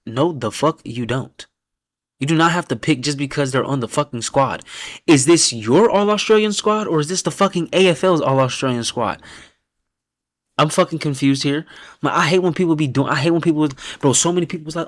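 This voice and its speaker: A man hosting a live reaction stream, loud and blunt, who swears freely and often laughs. When he reads out names his voice drops to a low mumble, and then he bursts out with his verdict again. His voice sounds close and dry, with no room echo at all. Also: fairly quick. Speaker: host reacting to viewers' fan-picked football teams.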